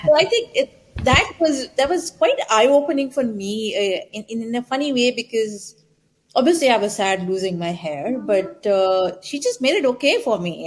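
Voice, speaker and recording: Woman chatting on a podcast, kinda high voice, laughs a lot. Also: normal speed, low-quality recording. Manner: laughing, lively storyteller. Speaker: podcast panelist. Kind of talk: casual chat.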